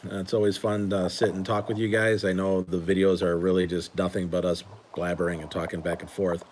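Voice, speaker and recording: On a live stream, a host and coach sorts cards as he talks in a low, slightly mellow voice with little pitch movement. His pace is brisk, yet the chat is easygoing and rambling, with frequent restarts over slight background noise.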